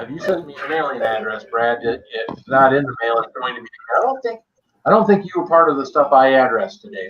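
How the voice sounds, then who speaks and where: A man's voice: medium pitch, a bit bright, muffled recording. A man hosting a live stream from his basement, chatting casually and greeting viewers by name. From United States.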